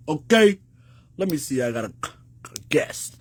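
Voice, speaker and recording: A man's voice: very animated, a little slow, pauses often, no echo. Sassy, profane man ranting on a livestream. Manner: flamboyant, sassy and profane, with big swings in pitch. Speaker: livestream host. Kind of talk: casual livestream rant.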